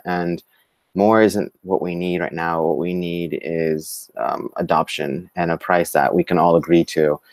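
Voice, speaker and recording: A man co-hosting a live-streamed talk show, speaking in a halting way with many fillers and restarts. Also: deep voice, darkish tone, no room sound. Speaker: co-host. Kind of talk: live-streamed casual discussion.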